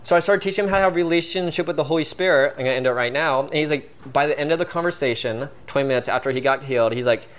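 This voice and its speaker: Guy telling a story on a podcast, kinda high voice, says like a lot. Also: rapid-fire, few pauses. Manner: animated, filler-heavy, peppered with "like". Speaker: guest. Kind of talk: casual storytelling.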